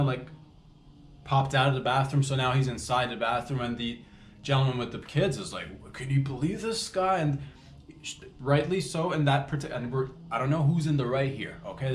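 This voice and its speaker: A man's voice: mid-range voice, a little hiss or hum. Man telling a story in an echoey room. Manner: animated retelling with restarts and acted-out quotes. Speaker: comedy podcast host. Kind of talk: comedic storytelling.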